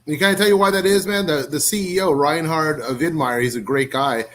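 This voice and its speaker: A man talking as a podcast guest in casual chat, an animated storyteller who swears casually. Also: fairly high pitch, brisk. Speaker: guest, cigar writer and language teacher.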